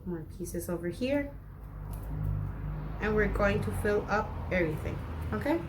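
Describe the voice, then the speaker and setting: A woman's voice: medium pitch, animated, unhurried. A woman teacher talks unhurriedly and kindly to small children, drawing out her words. She explains a craft activity and then reads a picture book aloud, imitating animal sounds for the class. A faint hiss sits under her voice. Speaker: first grade teacher. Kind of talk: remote class lesson, crafts and read-aloud.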